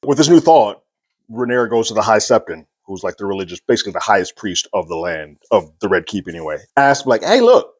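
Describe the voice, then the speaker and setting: A man with a fairly low voice talks through a TV episode breakdown in a loose, casual way. He paraphrases scenes in quick quoted asides, peppered with "like," and laughs between points. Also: sing-song, husky. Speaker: TV show recap host.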